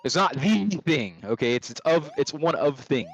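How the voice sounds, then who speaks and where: A man's voice: a little high, expressive, moderate pace. A man from California chatting casually over gameplay, ranting profanely with many restarts. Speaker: streamer.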